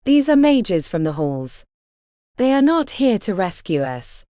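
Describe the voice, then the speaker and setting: A woman's voice: medium pitch, big pitch swings, unhurried, warm tone, dry recording, studio quality. Woman voicing a solemn woman guide. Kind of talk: audiobook character voice.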